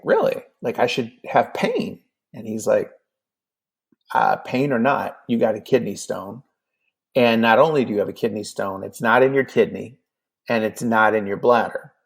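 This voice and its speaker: A man's voice: lowish voice, normal speed, gravelly, breathy edge. A man in his fifties telling a personal story in casual talk, acting out the dialogue with lots of fillers. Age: 50s. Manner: animated, acts out dialogue with many fillers. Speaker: podcast guest.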